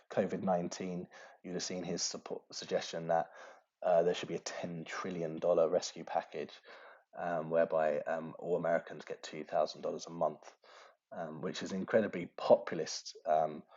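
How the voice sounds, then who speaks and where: Deep-voiced male teacher, lo-fi lesson recording. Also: mellow. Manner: conversational, many fillers.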